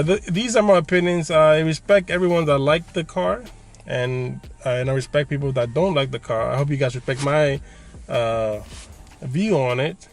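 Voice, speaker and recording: A man hosting his car channel, giving opinions in a joking, casual way with frequent laughs. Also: medium pitch.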